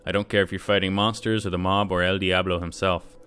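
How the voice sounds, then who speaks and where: A man reading video game dialogue aloud as a sly, smooth-talking male Cuban mercenary with a put-on Spanish accent. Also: low voice, flat delivery, fairly quick, fairly bright tone.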